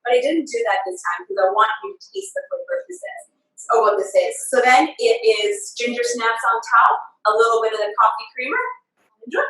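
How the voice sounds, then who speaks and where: High, lively woman chef demonstrating a recipe. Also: a little fast. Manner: chatty, laughing, explains measurements step by step. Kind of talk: live cooking demonstration. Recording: roomy echo, far from the mic.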